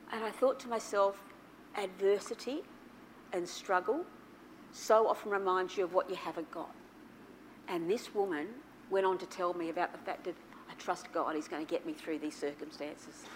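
A woman preaching a sermon to her church, telling a personal story with big swings between soft, quiet passages and loud, excited ones. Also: mid-range voice, slight background noise. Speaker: pastor.

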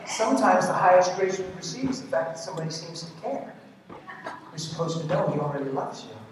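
High-voiced preacher in an echoing hall. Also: male voice, lively intonation, a little fast, background noise. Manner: emphatic, swings from loud to hushed. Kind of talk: sermon. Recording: distant mic in echoey hall.

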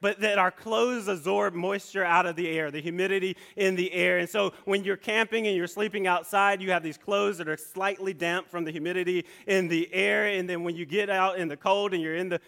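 Man, high voice, bright and forceful tone, animated storytelling, frequent restarts, sermon. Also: brisk, vocal fry, hardly any pauses.

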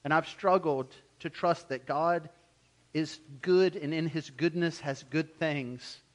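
Pastor guy with a high voice preaching to his church, lively, does little voices for the quotes. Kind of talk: sermon.

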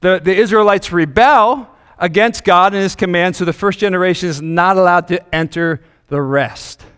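A man's voice: sits high, normal speed, a bit bright, smooth, long reverb tail. A male pastor preaching a sermon, asking the congregation questions, a little out of breath. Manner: engaging, asks the congregation questions.

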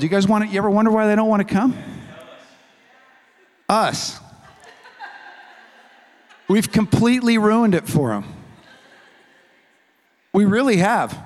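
A pastor preaching a relaxed, funny sermon to his church, telling stories and voicing the people in them. His voice sits a little high for a man. The sound rings with the long reverb of a large hall. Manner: animated storytelling with acted-out dialogue; conversational and humorous.

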